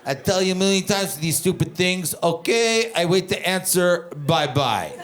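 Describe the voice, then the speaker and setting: A man's voice: high voice, lively intonation, moderate pace, music in the background. A man voicing a worried elderly Greek immigrant father, speaking broken English with a Greek accent, pleading and nagging. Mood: fretful. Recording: comedy club with audience laughter.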